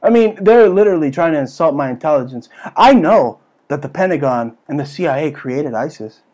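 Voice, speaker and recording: A man's voice: a little high, lively intonation, brisk. Brash, ranting male comedy host. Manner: brash, crude, loud and ranting. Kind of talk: comedic political rant.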